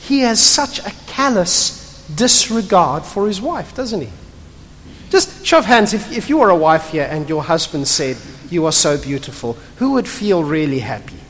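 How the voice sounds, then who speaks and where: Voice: medium pitch, normal speed, slight background noise. Pastor preaching, chatty and blunt, keeps asking the crowd stuff, voice bounces all over, long echo in a big church hall. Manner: animated, conversational, asks rhetorical questions; blunt and emphatic. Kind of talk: sermon.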